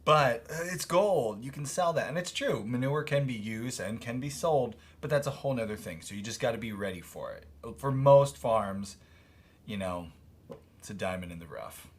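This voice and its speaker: A man from Connecticut co-hosting a homestead podcast, talking casually with lively stress and frequent laughs. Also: medium pitch, breathy edge. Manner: animated, laughs often, drawn-out emphasis. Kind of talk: casual chat.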